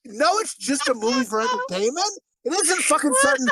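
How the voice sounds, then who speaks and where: A man's voice: very high-pitched, fairly quick, a loud crowd. A man co-hosting a crude movie review podcast, ranting and swearing freely. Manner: profane, ranting, animated. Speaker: podcast co-host. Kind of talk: casual movie review chat.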